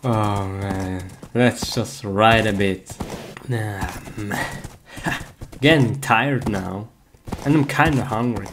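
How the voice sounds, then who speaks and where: A man's voice: fairly low pitch, very slow, noisy background. A man playing a cheerful young game hero who giggles and talks through each step in a comic skit. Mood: giggly.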